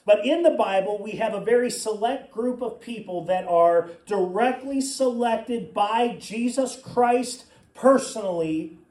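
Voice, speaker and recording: Male pastor with a high voice, conversational sermon with asides; echoey room, mic set back. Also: unhurried, a little mellow, far from the mic. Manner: conversational preaching with personal asides.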